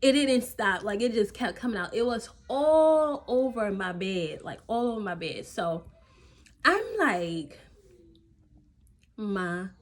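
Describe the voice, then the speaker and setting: A young woman telling a story in a casual vlog, full of fillers and animated quoted dialogue. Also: mid-range voice, takes it slowly. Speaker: vlogger.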